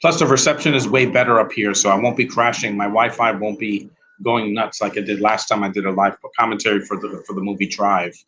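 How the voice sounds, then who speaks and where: A man's voice: on the low side, steady tone, a little fast, bright, forceful tone, low-quality recording. A man giving a rambling, blunt, opinionated live commentary while watching a movie at home.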